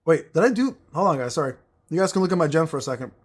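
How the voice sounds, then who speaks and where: A man talks through a game on a livestream, teasing his chat with crude jokes and rambling asides. His voice sits high and swings widely up and down, full of playful bounce. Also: lively intonation, rapid-fire. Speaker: gaming streamer reading chat. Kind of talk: casual livestream chatter while playing.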